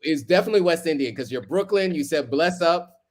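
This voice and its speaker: A man's voice: on the high side, expressive, a little fast. A man in his thirties hosting a live stream, chatting casually with lots of ums and easy laughter. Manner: laid-back, chuckling, many ums.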